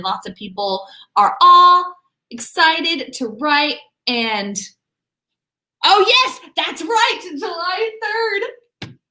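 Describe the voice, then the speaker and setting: A woman's voice: sits high, bright, forceful tone. A young woman hosting a writing livestream, chatting casually and bubbly with viewers. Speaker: writing channel host. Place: home room. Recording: echoey room.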